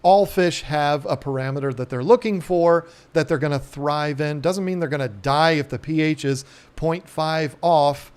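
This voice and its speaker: A middle-aged man hosts a casual live stream with a slightly high voice. He rambles in an easygoing way, joking and restarting his sentences. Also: moderate pace, a little mellow, clear, resonant tone. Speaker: live stream host, aquarium shop owner.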